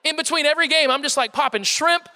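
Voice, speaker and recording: A young man giving a comic storytelling talk to a live audience, animated and self-mocking with playful exaggeration. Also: very high voice, fast talker. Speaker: speaker addressing a live audience. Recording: long hall reverb.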